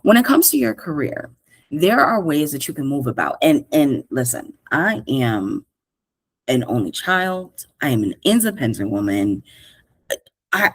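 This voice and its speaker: A woman with a New York accent who hosts a podcast as a career coach, talking to listeners in a casual, slangy, animated way. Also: rumbling low, no room sound. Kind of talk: casual solo podcast monologue.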